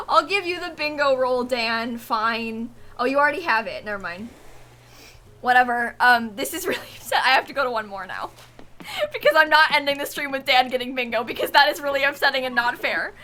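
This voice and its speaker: Bright high-voiced woman streamer talking to herself. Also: a little fast. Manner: exasperated, talking to herself, often laughing. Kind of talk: live-stream gaming chatter. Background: faint background music.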